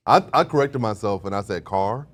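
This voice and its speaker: Animated low-voiced Chicago man. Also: fairly quick. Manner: storytelling, lively asides. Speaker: podcast co-host. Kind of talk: casual sports talk.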